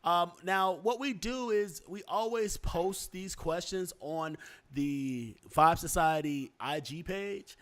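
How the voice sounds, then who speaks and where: A man's voice: high voice, slow, fairly bright tone. A young man hosting a casual podcast chat, talking loosely with lots of fillers and restarts. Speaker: podcast host.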